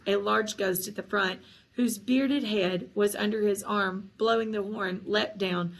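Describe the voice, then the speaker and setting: A woman narrating a children's fantasy story in a steady audiobook reading. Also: mid-range voice, rough recording.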